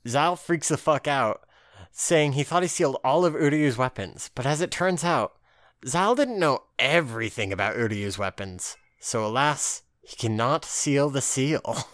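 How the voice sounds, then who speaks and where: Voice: medium pitch, lively intonation, moderate pace, a bit bright, dry recording, clean studio sound. A podcast co-host in casual recap chat, laughing often, swearing freely and acting out the characters' lines.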